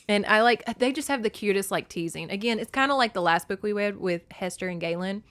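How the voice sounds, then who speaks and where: Brief: animated, profane woman podcaster, mid pitch, dry recording. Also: brisk, few pauses, no echo. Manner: chatty, animated, swears freely. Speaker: podcast host. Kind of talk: casual book recap.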